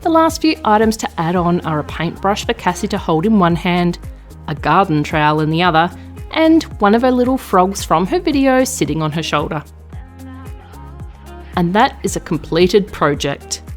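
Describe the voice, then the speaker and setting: A woman's voice: fairly low pitch, very animated, moderate pace, soft background music. A woman with an Australian accent, narrating her craft vlog in a gushing, effusive way as the channel's host. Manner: gushing, effusive and warm-hearted.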